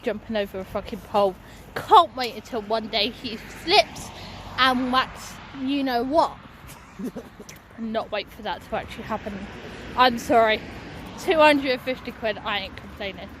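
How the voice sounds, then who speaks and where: A woman's voice: fairly high pitch, lively intonation, unhurried. A young woman talking casually into her phone while walking down a street, chatty and swearing freely. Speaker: vlogger. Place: outdoors on a busy street by a bus stop. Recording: loud street traffic noise outdoors. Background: passing traffic and buses.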